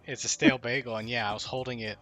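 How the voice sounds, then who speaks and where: A man's voice: medium pitch, fairly even intonation, fast, bright, forceful tone, faint music behind. A man in his twenties casually telling a story about himself in a wry, self-deprecating way. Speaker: co-host of gaming stream.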